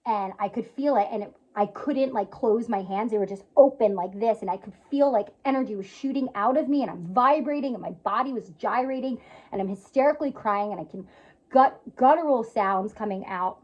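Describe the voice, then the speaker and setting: A woman's voice: on the high side, fairly quick, a little mellow. A young woman earnestly telling a personal story in casual vlog style, emotional and full of fillers. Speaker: yoga teacher and spiritual healer sharing a personal story. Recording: slightly dull lo-fi sound.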